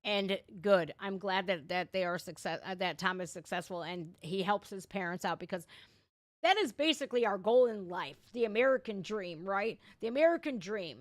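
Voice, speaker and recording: A woman's voice: medium pitch, animated, no echo. Reaction-stream host, a woman from Ohio, mid-range voice, blunt and profane, dry untreated room. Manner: blunt, profane, quick to laugh. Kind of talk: casual livestream rant.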